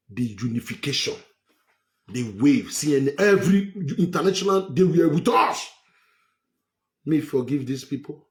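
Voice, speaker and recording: Nigerian man, mid pitch, swooping up and down, heated vlog rant. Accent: Nigerian, with Pidgin phrases. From Edo State, Nigeria. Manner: heated, emphatic, repetitive. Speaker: vlogger. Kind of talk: political rant to camera.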